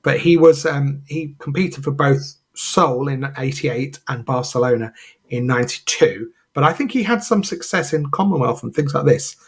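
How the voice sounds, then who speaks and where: A man's voice: mid-range voice, normal speed, vocal fry, breathy edge. A man co-hosting a podcast, chatting casually and rambling with lots of fillers and restarts. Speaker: podcast co-host. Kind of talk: casual chat.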